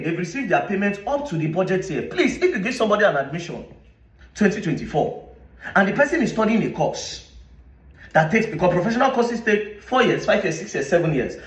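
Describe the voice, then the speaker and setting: A man's voice: high voice, fairly bright tone, echoey room, distant mic. A man with a Nigerian accent reading official statements aloud and rebutting them with indignant, sarcastic questions. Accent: Nigerian English. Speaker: social media commentator.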